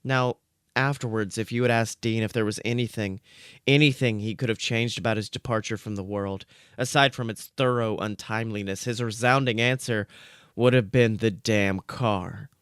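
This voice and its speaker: Deadpan man reading fan fiction. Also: lowish voice, moderate pace, clear, resonant tone, no room sound, studio quality. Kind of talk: comic story reading.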